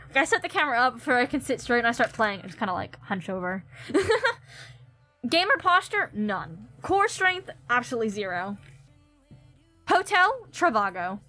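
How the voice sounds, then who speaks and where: Giggling as she thinks aloud, a young woman gives casual commentary while streaming her gameplay. She has a fairly high, pushed and bright voice.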